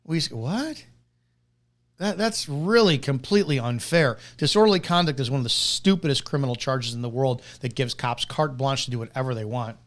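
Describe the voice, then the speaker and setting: A man's voice: medium pitch, moderate pace. A man hosting a policing commentary show, reacting to a video with blunt, profane, indignant ranting and frequent restarts.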